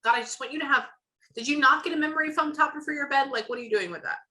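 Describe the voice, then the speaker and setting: A woman's voice: high voice, racing, pushed and bright. A woman working as a psychic medium, chatting through a reading and acting out what she hears, on camera. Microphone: camera or video call.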